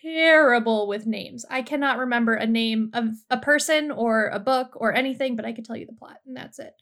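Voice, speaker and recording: A woman author as a podcast guest, relaxed and friendly, laughing often as she chats about her books. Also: fairly high pitch, fairly quick. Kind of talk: casual interview chat.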